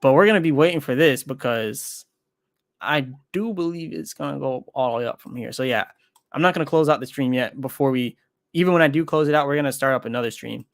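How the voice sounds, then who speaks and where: A man's voice: medium pitch, a little fast, dry recording, studio quality. A man chatting casually on a livestream while trading, rambling and correcting himself as he thinks aloud. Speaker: crypto trading streamer.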